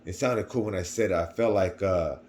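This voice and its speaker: A man's voice: sits low, fairly quick, a little hiss or hum. A young man telling a personal story to camera in a casual, rambling way, often repeating himself. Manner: rambling, repeats words, swings between quiet and loud. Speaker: vlogger.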